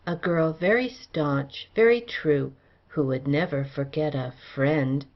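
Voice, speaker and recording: A woman doing a courteous young gentleman heir in an audiobook, polite and guarded in his old-fashioned phrasing. The voice sits low, and the recording sounds dull and lo-fi. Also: takes it slowly. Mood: smooth, guarded. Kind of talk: audiobook character reading.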